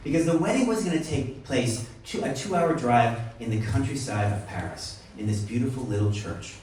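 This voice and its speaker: A man's voice: mid-range voice, animated, normal speed, darkish tone, slight background noise. A man telling a rambling personal story live, full of asides, restarts and wry jokes about himself. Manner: rambling, self-interrupting, wry. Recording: echoey room, heard from a distance.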